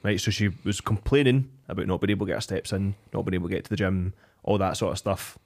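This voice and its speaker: A man's voice: sits low, fast talker, a little mellow. A man, a fitness coach in a casual podcast chat, blunt and emphatic as he makes his points.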